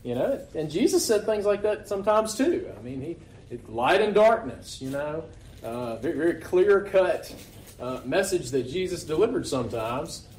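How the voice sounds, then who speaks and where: A man's voice: fairly high pitch, very animated, normal speed, a little mellow, a little hiss or hum. A man preaching a sermon in a loose, conversational way, often asking rhetorical questions. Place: church meeting hall. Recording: echoey hall recording.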